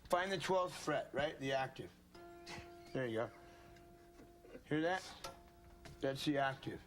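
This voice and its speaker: Taking it slowly, this American man demonstrates a guitar setup in a relaxed, folksy way and calls his audience "folks" and "gang." His medium-pitched voice is fairly bright, with lively intonation.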